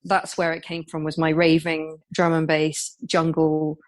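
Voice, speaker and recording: An English woman around forty speaks in a fairly low voice, casual and brash. She laughs often and swears freely as she chats as a guest. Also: monotone, unhurried. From England. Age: 40s. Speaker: guest, yoga teacher. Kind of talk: casual chat.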